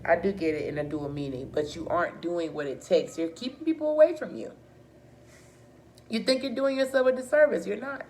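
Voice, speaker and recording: A woman giving a casual tarot reading to camera, talking bluntly and cursing freely, often restarting her sentences. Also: lowish voice. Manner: blunt and profane, frequent restarts. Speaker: tarot reader.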